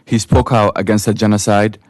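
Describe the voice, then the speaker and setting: A man giving grave, measured public testimony at a county committee hearing. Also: on the low side, little pitch movement, darkish tone, dry recording, clean studio sound. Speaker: public commenter.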